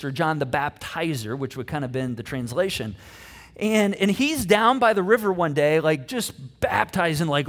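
A man pastor giving a casual, animated sermon, telling a story in a conversational way with many fillers. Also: a little high.

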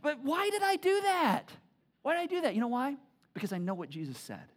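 Animated man preaching a sermon. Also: very high-pitched, a little fast. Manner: animated, repetitive, emphatic storytelling. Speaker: pastor. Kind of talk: sermon with personal stories.

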